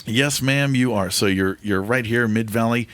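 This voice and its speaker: A man's voice: mid-range voice, normal speed, a bit bright, smooth, dry recording. A man hosting a company podcast, chatting in a jokey, rambling way with many fillers. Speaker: podcast host. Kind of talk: casual podcast chat.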